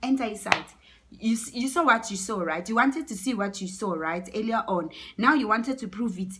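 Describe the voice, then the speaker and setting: A woman with a South African accent playing an angry, menacing man who shouts orders and repeats his commands harshly. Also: mid-range voice, animated, normal speed, voice pushed up.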